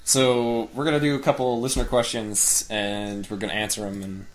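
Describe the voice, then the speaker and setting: A man's voice: fairly low pitch, level tone, normal speed. A man hosting a casual gaming podcast, rambling with fillers and restarts, cursing and laughing easily. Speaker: podcast host.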